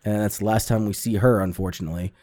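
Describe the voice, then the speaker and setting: A man's voice: fairly low pitch, fast, no room sound. A man casually recapping a TV episode, acting out the characters' lines and swearing freely. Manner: animated storyteller, acts out quotes, swears a lot. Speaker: podcast co-host recapping a TV episode. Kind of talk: casual profane chat.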